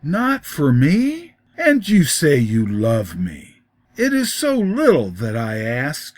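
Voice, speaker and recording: A man voicing a seductive female water spirit, speaking low and coaxing in a storybook reading. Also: wildly swooping pitch, slow pace, no echo, studio quality, heavily acted.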